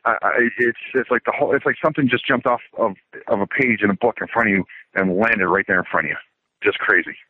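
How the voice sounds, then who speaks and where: A man's voice: fairly low pitch, fast, slightly rough, no echo. A middle-aged man calling in, telling a story in a casual, matter-of-fact way, like a military report. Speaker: caller. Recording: tinny phone line.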